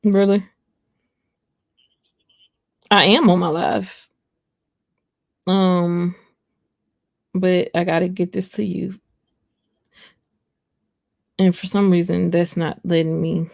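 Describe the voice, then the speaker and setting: A woman's voice: on the low side, flat delivery, slow pace, vocal fry, long pauses, a little mellow, no echo, clean studio sound. A young woman, chatting and telling a personal story to viewers on a live stream. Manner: storytelling, addresses viewers as y'all. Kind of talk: casual live chat.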